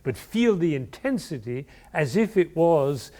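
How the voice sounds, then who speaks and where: A man's voice: a little high, sing-song, measured pace, mellow. A man coaching a horn player in a class, encouraging and singing phrases aloud to show how they should go. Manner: sings phrases to demonstrate, enthusiastic and encouraging. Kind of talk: masterclass coaching. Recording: live class with horn playing in between. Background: horn playing.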